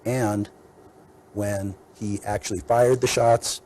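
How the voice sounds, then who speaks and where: Brief: male defense attorney, low mellow voice, measured courtroom argument. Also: steady tone, a little hiss or hum, poor audio. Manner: measured, methodical, lists points.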